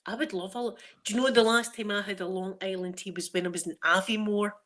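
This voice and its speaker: A woman's voice: mid-range voice, steady tone, quick pace, fairly bright tone. A Scottish woman chatting casually while showing viewers around her home, rambling and laughing often, on a phone she carries around. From Scotland. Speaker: ASMR channel host.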